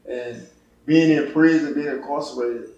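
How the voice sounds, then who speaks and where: Middle-aged man in an echoey room, halting testimony. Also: fairly high pitch, fairly even intonation, dark tone, dull audio. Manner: halting, repeats words, heartfelt. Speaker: interviewee giving testimony. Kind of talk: personal testimony interview. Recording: echoey room, distant mic, faint noise.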